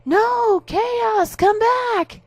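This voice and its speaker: A woman's voice: medium pitch, big pitch swings, fairly quick, a little mellow, no room sound. A woman voicing a rude, obnoxious young man who harasses a classmate, smug and whiny. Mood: whiny shouting.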